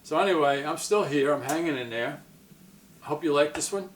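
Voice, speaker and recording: A man's voice: on the high side, normal speed, distant mic. A man talks casually to the camera, rambling and circling back on himself as he tells a story. He sits back from the mic in an echoey room with a faint hum behind him. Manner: rambling, self-interrupting, retells quotes in other voices. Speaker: psychic medium vlogger.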